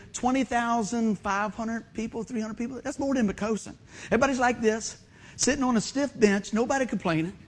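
A man preaching as pastor, telling lively stories and bursting into shouts. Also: high-pitched, a little hiss or hum. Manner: animated storytelling, loud shouted bursts. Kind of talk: sermon. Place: church sanctuary.

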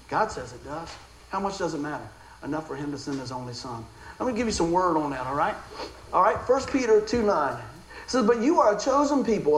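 A middle-aged man delivers a sermon with animated storytelling and lots of laughter. His voice sits high and leaps around. The room is echoey, with a faint hum of background noise. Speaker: pastor.

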